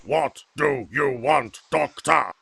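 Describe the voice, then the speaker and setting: A man's voice: a little high, slow pace, gravelly, pushed and bright, breathy edge, exaggerated voice. A man voicing a stern, secretive alien commander who speaks in a guarded, ominous way in an audio drama.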